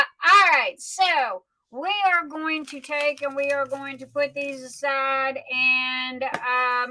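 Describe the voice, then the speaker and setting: Slow-talking high-voiced woman. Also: bright, forceful tone, rough recording. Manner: chatty, affectionate, folksy Southern phrasing. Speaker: livestream host. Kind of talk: casual livestream chat.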